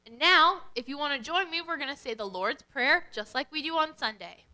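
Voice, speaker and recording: A woman leading a children's worship lesson, speaking in an animated, sing-song way to kids. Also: high voice, brisk, hardly any pauses, low-quality recording.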